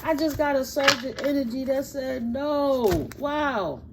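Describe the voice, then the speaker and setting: A woman tarot reader who reads slow affirmations in a soft voice and then talks in loud, excited slang to her viewers. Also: high-pitched, background noise. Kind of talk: spiritual reading with affirmations.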